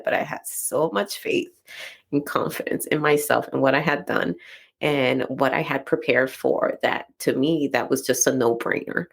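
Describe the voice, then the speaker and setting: A woman's voice: a bass voice, gravelly. A woman with a Dominican accent, hosting a podcast and telling a personal story in a chatty way, full of "like" and "right?". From Dominican Republic. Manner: chatty, frequent "like" and "right?" tags. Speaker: podcast host.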